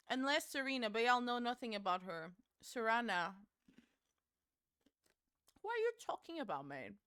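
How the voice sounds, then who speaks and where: High, bright-voiced woman streamer. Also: big pitch swings, measured pace, pauses often, smooth. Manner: swearing, giggly, reading chat aloud. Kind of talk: casual chat with stream chat while gaming.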